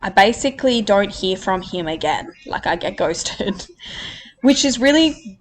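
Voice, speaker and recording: A woman's voice: medium pitch, slight background noise. A woman in her late twenties hosting a podcast, telling a personal story candidly and emotionally, with many fillers and frequent swearing. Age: 20s. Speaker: podcast host.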